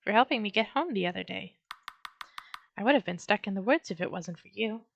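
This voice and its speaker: A woman's voice: mid-range voice, lively intonation, fairly quick, vocal fry, muffled recording, a little hiss or hum. A woman voicing a young scarecrow boy who sounds shy, earnest and a little hesitant.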